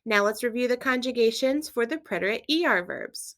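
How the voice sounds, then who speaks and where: A woman's voice: on the high side, animated, a little fast, fairly bright tone. Patient woman teaching a Spanish lesson. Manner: clear, patient instruction with quiz prompts. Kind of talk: scripted language lesson.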